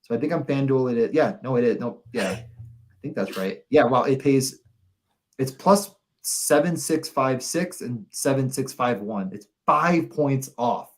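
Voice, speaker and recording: A young man from the Buffalo area chats casually on a betting podcast. He rambles and thinks aloud as he works through the odds, his pitch sitting in a middling range. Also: animated, unhurried. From Buffalo area, New York. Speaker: podcast co-host.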